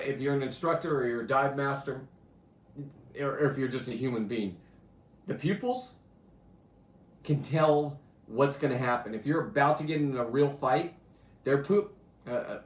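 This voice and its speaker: A show host with a mid-range voice talks at normal speed, leaving long pauses, and the sound is roomy. His diving stories are profane, brash and boastful, told casually in a voice that swings between loud bursts and mutters.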